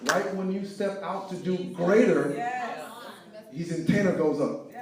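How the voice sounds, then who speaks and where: A man telling his story of failure and faith as a speaker at an event, preaching with lively swings between loud and hushed. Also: sits high, unhurried, crowd noise. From Haiti. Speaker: guest speaker. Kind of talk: inspirational testimony talk. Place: event hall with live audience. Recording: echoey hall, picked up from far off.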